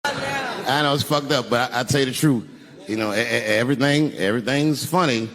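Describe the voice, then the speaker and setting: A man doing profane, animated stand-up storytelling on stage with a handheld mic, punching up lines with sudden shouts. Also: mid-range voice, brisk, music in the background. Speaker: stand-up comedian. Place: stage in a large venue. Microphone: handheld microphone. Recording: echoey live venue.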